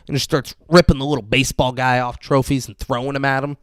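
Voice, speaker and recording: A man co-hosting a podcast, casually recapping a TV episode with animated, profane retellings and frequent laughs. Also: mid-range voice, fast talker, hardly any pauses, clean tone, no room sound, studio quality. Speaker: podcast co-host.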